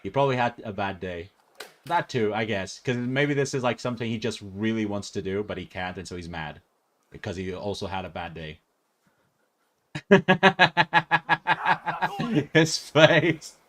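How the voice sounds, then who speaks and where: A man's voice: on the low side, fairly quick. A male streamer chatting casually and reacting with frequent laughter while watching a video.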